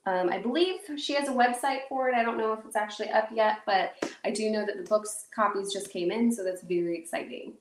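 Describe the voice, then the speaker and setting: A woman's voice: mid-range voice, fairly quick, far from the mic. Woman podcast host, casual and rambling, jokes at herself, echoey room, off-mic. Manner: rambling, chatty, self-mocking, many fillers. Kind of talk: casual solo podcast talk.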